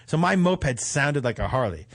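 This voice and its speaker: Male comic host, lively swooping voice, profane storyteller. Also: mid-range voice, normal speed. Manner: animated, profane, laughing through his stories. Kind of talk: comedic storytelling on a talk show.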